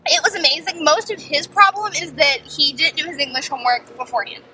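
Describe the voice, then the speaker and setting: High-voiced teasing young woman. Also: quick pace, bright, forceful tone, slight background noise, low-quality recording. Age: young adult. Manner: teasing and outspoken. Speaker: college student camper.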